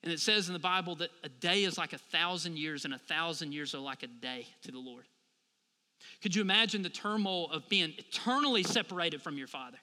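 A man's voice: on the high side, lively intonation, brisk, sharp tone, big-room sound. A man in his thirties preaching a sermon as a pastor, talking conversationally and asking the congregation for responses.

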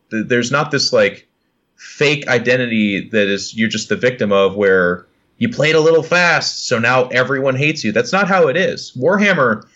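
A man's voice: mid-range voice, a bit bright, dull audio. A man talking as a podcast guest, blunt and profane, acting out what other people say. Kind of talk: casual podcast chat.

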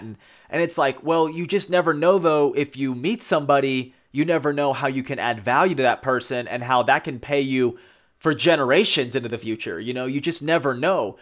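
Guy with a kinda high voice recapping a show, hyped and rambly, lots of "you know" and "right?". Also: moderate pace. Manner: energetic, loose, full of "you know" and "right?". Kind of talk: casual commentary retelling a show.

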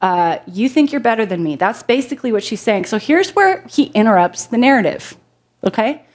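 A woman's voice: fairly high pitch, big pitch swings, moderate pace, a little mellow. A woman preaching a sermon to a congregation, reading scripture and talking in a conversational way that jokes with the listeners. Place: church before a congregation.

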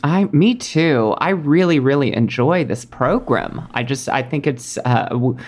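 A woman hosting a comedy podcast with a campy, deadpan delivery. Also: a bass voice, measured pace. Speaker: podcast host.

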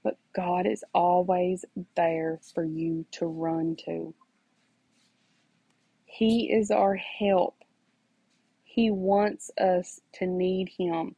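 A woman's voice: fairly low pitch, steady tone, very slow, pauses often, mellow, breathy edge, no echo, highs cut off. A mother earnestly telling her own story and preaching faith to listeners, repeating phrases for emphasis. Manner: preachy, addresses listeners directly. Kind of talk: personal testimony, faith encouragement.

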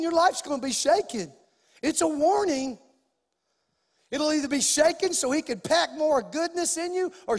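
High-voiced pastor preaching in a reverberant hall. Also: male voice. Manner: preaching with acted-out dialogue and rising emphasis. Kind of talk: sermon.

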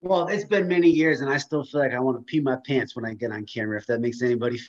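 A man's voice: mid-range voice, quick pace, a little mellow, dull audio, a little hiss or hum. A man talking in an emphatic, rambling, emotional way on a video call. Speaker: co-host. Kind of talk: casual video call chat.

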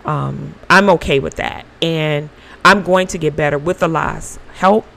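A woman's voice: sits low, a little slow, creaky, a bit bright. A woman hosting a podcast, talking through an earnest, emotional spiritual reflection with informal, faith-filled encouragement. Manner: earnest, emotional, with bursts of laughter. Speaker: podcast host.

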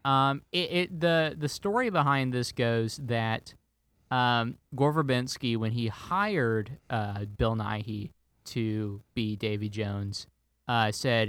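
A man in easy, casual conversation about films, now and then trying a character's line for fun. His voice sits at an ordinary middle pitch, and the sound is dry and close with no room around it. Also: slow pace, a bit bright, dry recording. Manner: playful, trades movie impressions. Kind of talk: casual movie chat.

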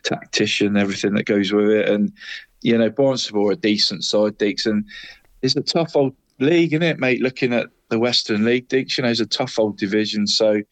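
A man's voice: on the low side, no echo. A man co-hosting a local football podcast, chatting in a rambling way and tagging lines with "mate". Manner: rambling, says "mate" and "Deeks" constantly. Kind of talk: casual football chat.

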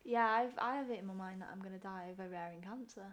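A woman's voice: mid-range voice, quick pace. A woman in her twenties from northern England, co-hosting a podcast in casual chat, teasing and candid. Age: 20s. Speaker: podcast co-host.

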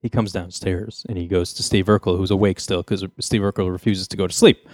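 A man's voice: deep voice, steady tone, brisk, dry recording, clean studio sound. Joking man retelling a sitcom plot. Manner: joking storyteller, mimics characters' lines. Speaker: podcast host recapping a sitcom episode. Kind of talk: casual chat.

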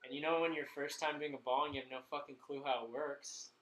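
A man's voice: a little high, flat delivery, a little fast, fairly bright tone, slight background noise. Rambling young-sounding man in an echoey room. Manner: rambling, fills nearly every phrase with "like", swears freely. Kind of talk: casual storytelling chat.

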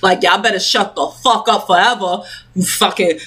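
A woman's voice: mid-range voice, fairly even intonation, moderate pace, a bit bright. A mother ranting heatedly to camera at home, swearing freely and leaning on fillers, hot and sweating as she talks. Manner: profane, fired-up, filler-heavy. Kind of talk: heated casual rant to camera.

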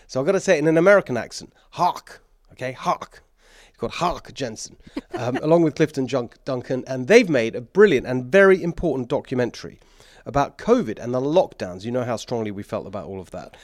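A man's voice: mid-range voice, lively intonation, quick pace, no echo, studio quality. A man with an English accent hosting a political talk show, emphatic and sarcastic, with bursts of mockery and laughter.

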